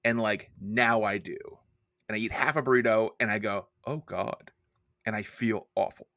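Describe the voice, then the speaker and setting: A man's voice: lowish voice, steady tone, moderate pace, pushed and bright, no room sound, studio quality. A man co-hosting a podcast, telling a rambling, self-deprecating story in a casual chat. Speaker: podcast co-host and editor.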